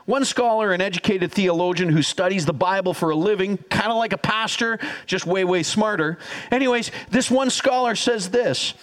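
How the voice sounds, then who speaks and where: A man preaching a sermon as pastor, energetic and teaching, calling on the congregation to repeat after him. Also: high-pitched, normal speed. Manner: energetic, teaching, audience call-and-response.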